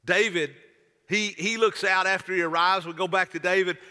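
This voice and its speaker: Folksy pastor preaching, keeps restarting, bright edgy voice, big church hall reverb. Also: male voice, high-pitched, fairly even intonation, moderate pace. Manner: folksy, repetitive, stammering restarts. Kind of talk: sermon.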